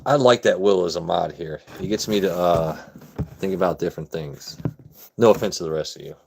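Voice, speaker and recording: Brief: relaxed male streamer, lowish voice, jokey, talks to chat by name. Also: a little fast, gravelly, slight background noise. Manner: laid-back, joking, chats with viewers by name. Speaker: livestream host. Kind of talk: casual chat with live chat viewers.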